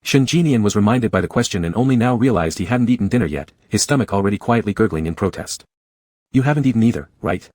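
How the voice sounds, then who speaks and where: A man narrating a romance comic story in an even, measured way. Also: fairly low pitch, no echo. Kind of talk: scripted audiobook narration.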